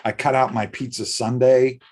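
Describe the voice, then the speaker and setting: A man co-hosting a casual live chat, talking in a relaxed, chatty way with a few halting restarts. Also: medium pitch. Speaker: co-host.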